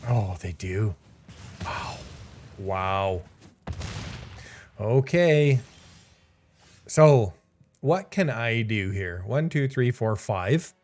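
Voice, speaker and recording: A man's voice: lowish voice, animated, drawn-out words, pauses often, darkish tone, faint music behind. Exasperated man narrating his card game. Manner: exasperated, sarcastic, laughing in disbelief. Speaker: streamer playing a card game. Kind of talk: casual gameplay commentary.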